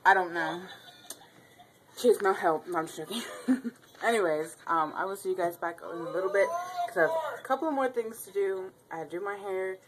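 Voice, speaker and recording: A woman's voice: medium pitch, normal speed, noisy background. A young woman vlogging casually at home on a handheld camera, chatty, giggly and rambling. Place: house, indoors.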